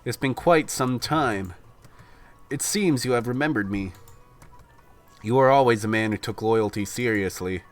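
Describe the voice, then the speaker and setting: A man's voice: mid-range voice, measured pace, long pauses, soft background music, lightly acted. A man reading a proud, teasing female witch in a dry, amused voice, close to his own. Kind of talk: reading a visual novel aloud.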